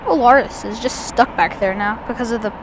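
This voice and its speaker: A woman's voice: a little high, brisk, background noise. A woman outdoors at an airport giving chatty, enthusiastic live plane-spotting commentary, rambling with restarts.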